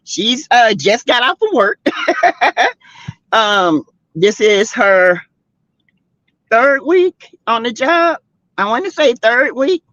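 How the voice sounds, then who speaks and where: She takes it slowly, with long pauses, in a voice on the high side and no room sound. A middle-aged host from South Carolina, she chats casually about gossip on her livestream, animated and exclaiming as she talks right to viewers over dull lo-fi audio.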